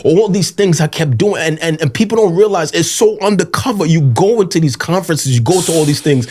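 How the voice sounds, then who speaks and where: A man's voice: fairly high pitch, animated, fairly quick, darkish tone, slightly rough. A pastor speaking earnestly and passionately in a podcast conversation, repeating himself as he presses his point. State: tearful at times.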